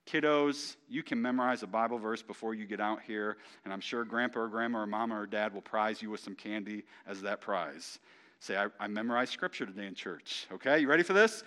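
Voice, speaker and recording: A man's voice: lowish voice, a little fast, sharp tone. A male pastor delivering a sermon, reading passages aloud and stopping to comment on them. His voice rises for emphasis and drops again. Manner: reads scripture aloud and comments on it, rising with emphasis.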